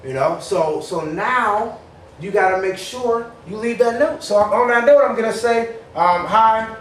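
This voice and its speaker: A man's voice: sits high, a little slow. A man running a sales workshop, talking energetically to a group, often repeating words as he starts a thought. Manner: acts out phone calls in a raised voice. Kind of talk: live training talk to a group. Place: workshop room. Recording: echoey room from far off, faint noise.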